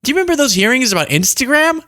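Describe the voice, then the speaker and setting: A man's voice: very high voice, sing-song, very fast, sharp tone. A young man hosting political commentary, talking casually with sarcastic, jokey asides.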